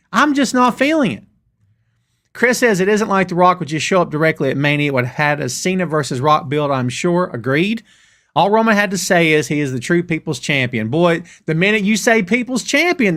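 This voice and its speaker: Animated man ranting on a live stream. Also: fairly high pitch. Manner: animated, ranting, addresses chat as "brother" and "dude". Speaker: host of a wrestling show. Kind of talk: live-stream rant reading chat comments.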